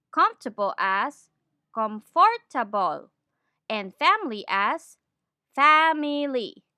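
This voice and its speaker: A woman giving a scripted lesson on training, in a clear, deliberate teaching manner. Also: high voice, bright, forceful tone, no room sound, studio quality. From Philippines. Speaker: accent trainer.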